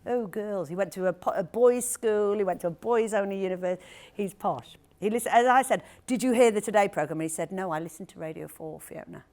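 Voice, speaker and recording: A woman author in conversation at a live event, telling an anecdote in a lively, animated way with quick asides. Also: medium pitch. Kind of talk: storytelling talk at a live event. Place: event hall with audience.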